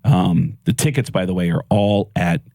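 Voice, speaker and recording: A man telling stories as a comedian guest on a morning radio show, animated and slipping into voices. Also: sits low, moderate pace, vocal fry, no echo, clean studio sound. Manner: animated, puts on voices in anecdotes. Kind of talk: casual storytelling on radio. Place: radio studio.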